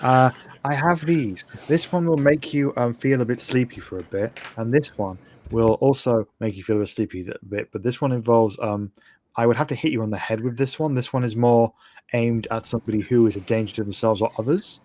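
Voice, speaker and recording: A man playing a calm android medic. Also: medium pitch, no room sound, lightly acted. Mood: clinical. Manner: polite, measured, clinical. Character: calm clinical male android crew medic.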